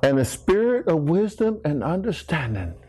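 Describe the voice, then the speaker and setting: A man preaching a sermon, retelling scripture stories with animated exclamations and call-and-response calls. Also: fairly high pitch, moderate pace, husky, no echo.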